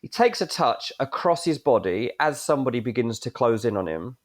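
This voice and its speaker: A man co-hosting a sports podcast, excitably walking through a blunder, his voice jumping up as he describes it. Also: medium pitch, a little fast. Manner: excitable, voice jumps up while describing. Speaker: podcast co-host. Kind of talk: animated clip breakdown.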